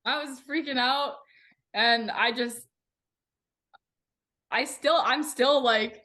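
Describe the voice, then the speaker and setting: A young woman talks with bubbly, animated energy, peppering her sentences with "like." Her voice sits a bit high and sounds bright and forward. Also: slow, long pauses. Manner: bubbly, animated, many "like" fillers. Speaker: guest racer. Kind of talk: casual podcast chat.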